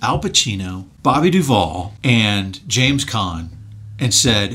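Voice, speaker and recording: A man co-hosting a casual podcast, telling film history anecdotes in an animated way and mimicking people as he quotes them. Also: on the low side, slow. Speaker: podcast co-host.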